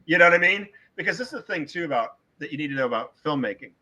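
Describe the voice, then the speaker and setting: A man's voice: on the high side, animated, very fast, bright, forceful tone, rough recording. A middle-aged man talking as a guest author in a casual podcast interview, emphatic and opinionated, repeating words for stress.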